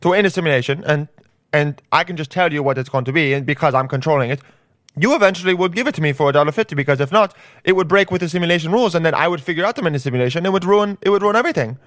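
A man's voice: on the high side, lively intonation, very fast, a bit bright, no room sound, clean studio sound, voice pushed up. A man doing an impression of a know-it-all male tech billionaire who over-explains simple things and slips between accents. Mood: smug. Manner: lecturing, drifts into other accents. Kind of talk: comedic impression.

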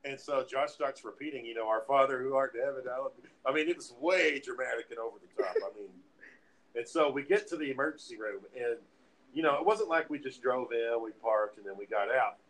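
A man's voice: medium pitch, brisk, rough recording. A man casually telling friends a wild party story, swearing freely and acting out what everyone said. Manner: profane, animated retelling with acted-out quotes.

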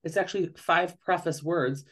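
A woman's voice: on the low side, normal speed. A woman, a parenting author, talking earnestly in an interview and often acting out the questions she describes. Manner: earnest, explanatory, often acts out quoted questions. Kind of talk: conversational interview.

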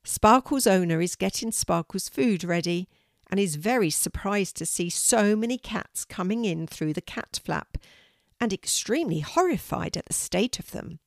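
Older lady reading a kids story, calm and steady, dry close mic. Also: medium pitch, normal speed, creaky, no room sound. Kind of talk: children's story narration.

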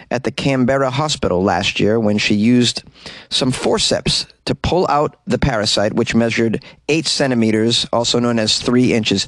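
A man's voice: medium pitch, a bit bright, dry recording. A man hosting a comedic news podcast, reading odd stories with wry, joking asides, recorded in a closet. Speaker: podcast host.

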